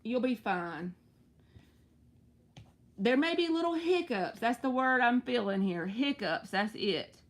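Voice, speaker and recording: A woman's voice: on the high side, lively intonation, takes it slowly, pauses often. A woman hosting a live tarot reading, talking in a chatty, reassuring way with playful slang.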